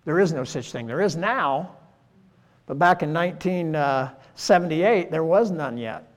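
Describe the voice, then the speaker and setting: A man's voice: a little high, lively intonation, unhurried. Older man preaching in an echoing hall. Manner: folksy, rhetorical, peppered with "right?" and "you know". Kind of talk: conversational sermon. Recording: long church-hall reverb.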